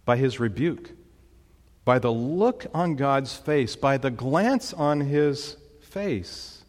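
A man's voice: medium pitch, expressive, slow, big-room sound. A man preaching a sermon, emphatic, with dramatic rises when he quotes commands. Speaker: pastor.

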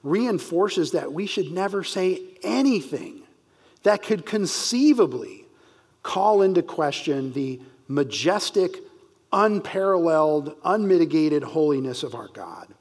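A man teaching verse by verse through a Bible passage, reading scripture slowly and stressing key words for emphasis. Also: on the high side, sing-song, darkish tone, husky.

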